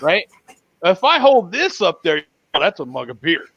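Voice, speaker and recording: Lively joking man on a lo-fi call. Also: high voice, creaky, slightly rough, dry recording. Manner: jokey, laughs a lot, halting restarts. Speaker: host. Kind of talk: casual chat. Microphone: video call. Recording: muffled lo-fi call audio.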